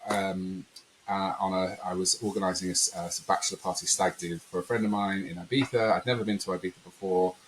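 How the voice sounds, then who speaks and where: A man's voice: sits low, brisk, a little hiss or hum, rough recording. A man telling a personal story in a conversational interview, rambling and acting out quotes. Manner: rambling, animated storyteller who acts out quotes. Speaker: podcast guest.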